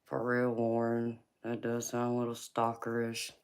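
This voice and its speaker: A woman's voice: extremely low pitch, completely flat delivery, darkish tone, smooth. A woman with a Southern accent hosting a live tarot reading stream, chatting casually with viewers and calling them baby. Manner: slow, drawling, calls viewers baby.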